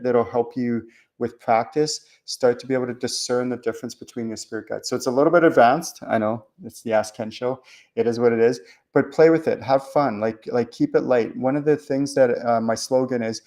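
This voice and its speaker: A man's voice: mid-range voice, a little mellow. Man, spiritual show host, rambling casual talk, lots of fillers and restarts. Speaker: spiritual channeler hosting a call-in show. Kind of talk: casual teaching monologue.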